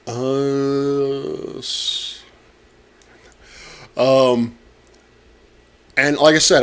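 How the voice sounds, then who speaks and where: A man and astronomy professor narrating his data work on a live stream, muttering and halting with many fillers, his words muffled by a pen in his mouth. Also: medium pitch, lively intonation. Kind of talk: casual live-stream narration while working.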